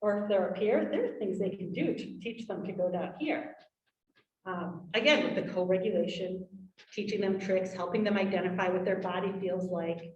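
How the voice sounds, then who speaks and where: A woman giving a workshop presentation to parents, lively, acting out quotes from parents and children. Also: medium pitch, moderate pace, highs cut off. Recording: roomy, from far off.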